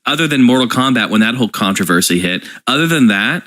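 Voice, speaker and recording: A man's voice: mid-range voice, expressive, fast, sharp tone. A man co-hosting a casual chat, talking in a reflective, rambling way with lots of asides. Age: adult. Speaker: podcast co-host.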